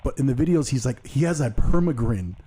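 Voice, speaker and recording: A man's voice: mid-range voice, lively intonation, fairly quick, warm tone, husky. A man hosting a podcast in casual, joking chat, now and then putting on silly voices. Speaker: podcast host.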